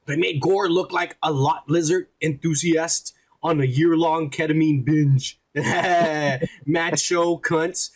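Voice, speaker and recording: A man with a Texan accent co-hosting a podcast in loud, profane, joking casual chat. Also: a little high, fairly even intonation, slow pace, husky. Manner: profane, boisterous, laughing often. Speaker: podcast co-host.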